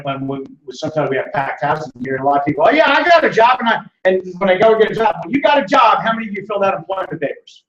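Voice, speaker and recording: A high-voiced man hosts a seminar before a live audience. He sounds animated, acts out the voices of the people in his stories and calls on listeners by name. The recording is roomy and distant, with a dull, lo-fi sound. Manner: acts out quoted voices in storytelling. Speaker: seminar host. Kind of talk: live financial seminar talk.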